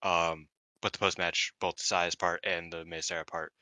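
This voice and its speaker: Excitable man with a bright voice. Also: moderate pace, no room sound. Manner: excitable, acts out quotes in high voices. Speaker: podcast co-host. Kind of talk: casual chat. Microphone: home mic over internet call.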